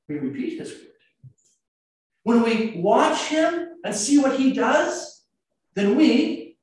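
A man with an American accent, a priest giving a conversational sermon full of anecdotes and rhetorical questions. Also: very high voice. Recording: echoey church, mic at a distance.

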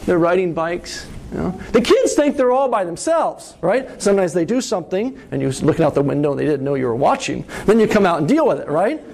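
A middle-aged man preaching a sermon, telling a story with lively rises and falls and often asking "right?". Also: sits high, a little fast, vocal fry, hardly any pauses. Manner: animated storytelling, asks "right?".

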